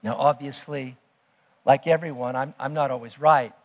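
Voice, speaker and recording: A man preaching a sermon as pastor, emphatic, swinging between loud declarations and hushed asides. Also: mid-range voice, fairly even intonation, moderate pace. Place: church sanctuary. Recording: long church hall reverb.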